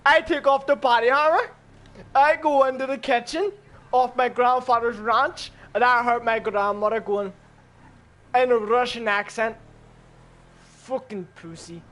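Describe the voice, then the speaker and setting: A man telling a story in a casual, profane, animated way while gaming with friends. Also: very high-pitched, normal speed.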